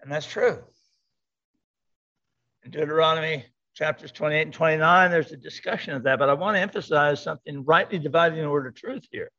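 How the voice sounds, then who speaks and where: A man's voice: a little high, brisk, bright, forceful tone. An older man preaching a sermon to a congregation, emphatic, repeating his key words. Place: church sanctuary. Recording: dull lo-fi sound.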